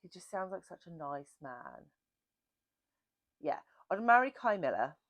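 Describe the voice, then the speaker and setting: A woman's voice: lowish voice, sing-song, a little slow, dry recording, muffled recording. A woman hosting a book channel, chatting casually and self-mockingly through a Q&A. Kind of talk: casual Q&A chat.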